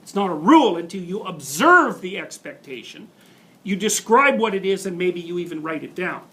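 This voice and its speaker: A man in his fifties giving a university lecture to students, animated, laughing often and restarting sentences as he digresses. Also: high voice, moderate pace. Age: 50s.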